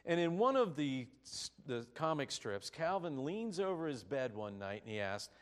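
A man preaching a sermon, telling stories with animated, rising emphasis. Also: on the high side, moderate pace, few pauses. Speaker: pastor.

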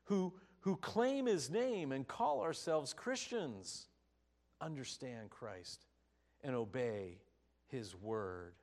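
A man preaching a sermon, telling a story with animated, emphatic delivery. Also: mid-range voice, slow. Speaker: pastor.

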